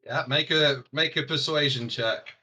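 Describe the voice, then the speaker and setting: A man's voice: on the high side, measured pace, pushed and bright, husky. A man running a tabletop game as game master, making dry remarks. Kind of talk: casual tabletop game chat.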